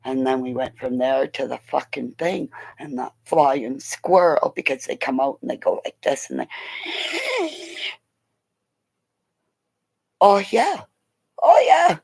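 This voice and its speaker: A very deep, husky voice with vocal fry belongs to a middle-aged woman talking at a measured pace on a livestream. She spins rambling stories about animals, excitable and full of laughs and swearing, hopping between them, on a rough recording.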